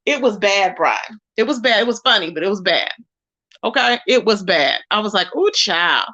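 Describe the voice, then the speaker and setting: A woman hosting a casual commentary livestream, chatting about online drama, greeting viewers by name in an animated way. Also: medium pitch, moderate pace, highs cut off. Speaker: YouTube commentary host.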